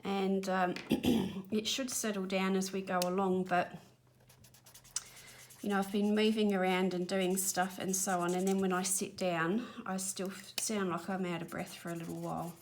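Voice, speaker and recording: A slightly breathless Australian woman rambles and apologises while colouring for her channel in a spare-room studio at home. She talks at normal speed in a medium-pitched, flat voice, with slight background noise.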